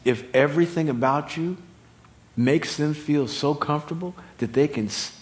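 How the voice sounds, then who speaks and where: Man, middle-aged, pastor, sermon, slightly high voice, lively and humorous, loud bursts and quiet emphasis. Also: moderate pace. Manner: animated, rising to loud high exclamations and dropping to quiet emphasis; humorous, laughing at own stories.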